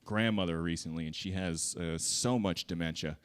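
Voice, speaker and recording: A man's voice: low-pitched, moderate pace, clear, resonant tone. A man doing a stand-up comedy set on a theater stage, crude and profane, acting out little voices in his bits.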